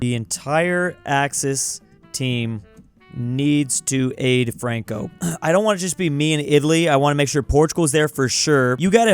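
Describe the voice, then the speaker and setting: A young man giving excitable, slangy commentary on a strategy game he is playing. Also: on the high side, clean tone, no echo. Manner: excitable, slangy, reads AI replies aloud in mock voices. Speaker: gaming YouTuber.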